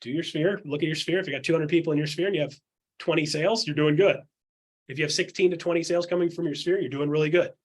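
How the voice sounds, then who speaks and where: A man with a husky, somewhat high yet darkish voice gives candid one-on-one coaching to real estate agents. Rapid rhetorical questions drive his points, and he acts out others' words in their voices.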